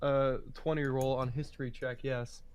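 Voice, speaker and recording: A man's voice: mid-range voice, level tone, moderate pace, a crowd in the background. A man playing a tabletop game, wry and joking. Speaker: player. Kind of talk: casual tabletop play.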